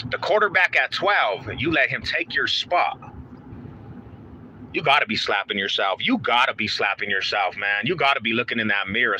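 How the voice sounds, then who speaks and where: A man's voice: medium pitch, pushed and bright, slight background noise. A man live-streaming from his car on the way to work, chatting hyped and trash-talking, calling everyone bro. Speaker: live-streaming sports fan host. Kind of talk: casual live stream chat. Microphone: phone in hand.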